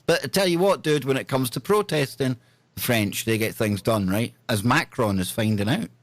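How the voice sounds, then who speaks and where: A man's voice: mid-range voice, animated, normal speed, dry recording. A man hosting a talk show, reading news stories with joking, sarcastic asides. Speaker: podcast host. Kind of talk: casual news chat.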